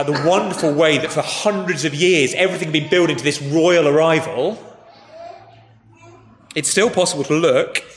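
A man preaching a sermon, telling a story in a relaxed conversational way and speaking to the children too. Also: on the high side, a little hiss or hum. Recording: echoey hall with faint ambience.

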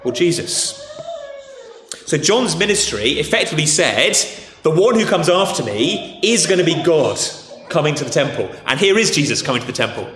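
A man's voice: fairly high pitch, sing-song, normal speed, fairly bright tone, a little hiss or hum. A man with a posh English accent preaching a sermon in a conversational way, often restarting and saying "okay". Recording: echoey hall.

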